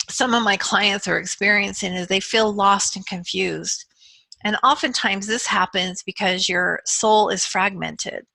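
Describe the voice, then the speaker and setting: A woman who works as a soul regression practitioner, talking earnestly and gently to her viewers with frequent fillers. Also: medium pitch, vocal fry, no room sound. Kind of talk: casual talk to camera.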